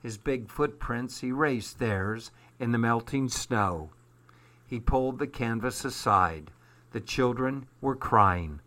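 Male storybook narrator, unhurried, clear bright tone, measured delivery. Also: mid-range voice. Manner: slow, measured reading.

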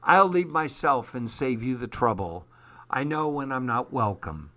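Storybook figure: proud old bearded hobo as a man reads him aloud, wistful, dignified, slow and bright. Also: mid-range voice, lively intonation.

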